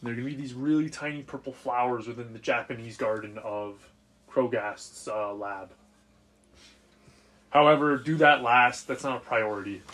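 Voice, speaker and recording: A man narrating as game master of a tabletop role-playing game in a casual, animated way. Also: medium pitch, moderate pace. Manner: casual, animated scene-setting.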